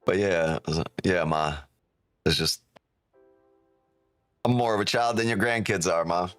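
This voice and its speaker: A man's voice: deep voice, measured pace, smooth, no echo, soft background music. Profane, joking man streaming live. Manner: loud, profane, joking, laughs often. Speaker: day trading streamer. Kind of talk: casual live stream chat.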